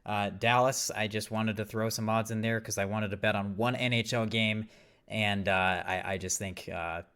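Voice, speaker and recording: A man's voice: on the low side, steady tone, moderate pace, fairly bright tone, clean tone. A man hosting a casual sports betting podcast, rambling and swearing while he has a cough. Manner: rambling and profane, explaining picks. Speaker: podcast host.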